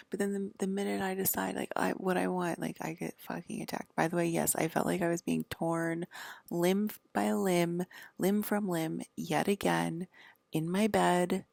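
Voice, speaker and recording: Woman, low gravelly voice, rambling profane monologue, lots of "like", half-whispers, dry close sound. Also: steady tone, normal speed, a little mellow, dry recording. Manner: rambling and profane, heavy use of "like"; drifts into half-whispered stretches. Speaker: vlogger. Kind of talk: casual monologue.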